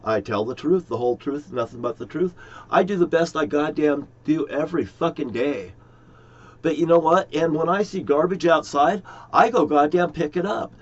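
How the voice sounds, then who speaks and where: A middle-aged vlogger delivers a rambling, aggrieved monologue to his viewers, swearing often. His voice is a little high and he talks at normal speed. The recording is dull and lo-fi.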